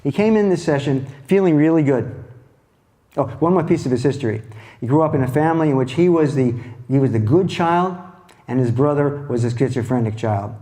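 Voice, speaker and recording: A man giving a lecture as a therapist, telling a clinical case in a reflective, halting way with soft restarts. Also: mid-range voice.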